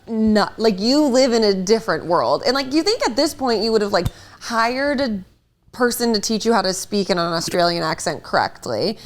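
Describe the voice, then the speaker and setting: A young woman, co-hosting a casual podcast and telling gossip, acting out quotes with a jump in pitch. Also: normal speed. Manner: animated storyteller, acts out quotes with rising pitch. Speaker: podcast co-host.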